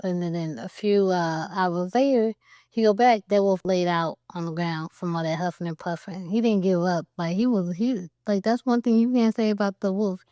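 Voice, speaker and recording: A woman's voice: fairly low pitch, normal speed, mellow, dry recording, dull audio. A woman casually retelling a fairytale for laughs, in heavy slang with joking asides. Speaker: storyteller.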